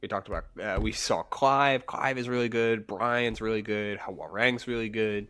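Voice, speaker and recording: A man's voice: on the low side, steady tone, moderate pace, fairly bright tone, clean tone. A man casually commentating a fighting game tournament stream, chatty and laid-back.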